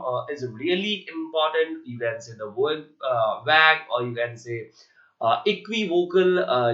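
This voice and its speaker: A man's voice: medium pitch, fairly bright tone. A man with an Indian English accent teaching an online literature lesson, spelling words letter by letter and asking his learners rhetorical questions. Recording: echoey room, muffled lo-fi sound.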